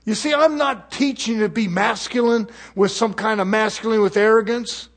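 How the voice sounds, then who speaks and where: A man preaches a fiery, scolding sermon at a moderate pace, swinging between loud exhortation and low, muttered asides.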